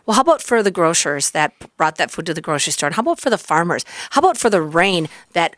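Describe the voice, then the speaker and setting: Woman, radio guest, excitable storyteller, dry close studio mic. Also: fairly low pitch, quick pace, no echo. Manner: excitable storyteller, acts out quotes. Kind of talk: casual chat.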